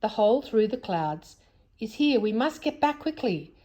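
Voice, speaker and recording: Joe, a keen young boy in a children's storybook, calls out brightly and urgently, as a woman voices him. His voice is raised well above a normal speaking pitch and swings up and down a lot. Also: very animated, normal speed. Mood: desperate.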